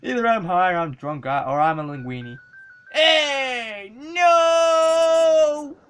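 A woman giving casual commentary while playing an old handheld game, excitable and swearing and yelling at the screen. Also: low-pitched, fast talker, smooth, faint music behind. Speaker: let's play gamer.

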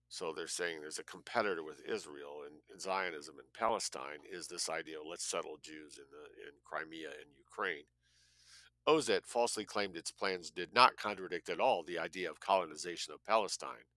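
A male audiobook reader with a deep, bright, forceful voice reads a nonfiction book aloud with no echo. He spells out words letter by letter and throws in blunt asides of his own.

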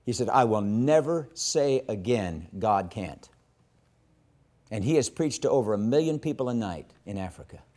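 A man teaching a session on evangelism in a sermon style, telling a story with strong emphasis and dropping to hushed tones when quoting. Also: medium pitch, lively intonation, moderate pace. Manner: impassioned, swings from loud emphasis to hushed quoting.

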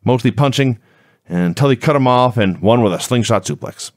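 A male co-host with a mid-pitched voice who walks through what happened at an easygoing pace. He laughs often in casual chat, and the sound is close and dry. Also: expressive, moderate pace, dry recording. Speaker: podcast co-host.

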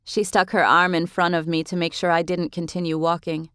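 A woman reads a novel aloud in the first person, measured and expressive. Her voice sits slightly low. The recording is close and dry, with no room sound. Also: clear, resonant tone, no echo. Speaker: audiobook narrator. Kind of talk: scripted first-person narration.

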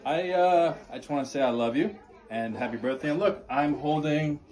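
Relaxed, playful man's birthday wishes. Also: fairly high pitch, moderate pace. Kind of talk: casual birthday message.

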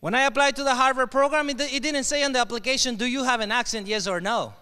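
A keynote speaker with a Mexican Spanish accent tells his story to a crowd, animated, throwing questions out to the audience. His voice sits very high and sounds sharp and bright. A long reverb from a large hall trails behind him. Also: quick pace, smooth.

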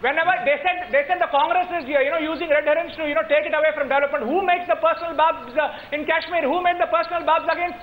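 High, fast Indian panelist, dull feed. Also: male voice, fairly even intonation. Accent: Indian English. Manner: insistent, calls the anchor repeatedly, lectures on courtesy. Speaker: debate panelist. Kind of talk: heated televised debate.

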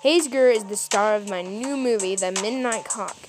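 A woman voicing a bossy, sharp-tongued male film director who scolds his staff, with music playing underneath. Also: mid-range voice, moderate pace, close to an everyday voice. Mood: brisk.

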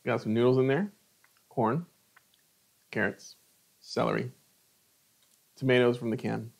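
Brief: middle-aged male cooking host, chatty, mid-pitched, tastes and comments on food on a live stream. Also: steady tone, unhurried, creaky. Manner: chatty, savoring food between remarks.

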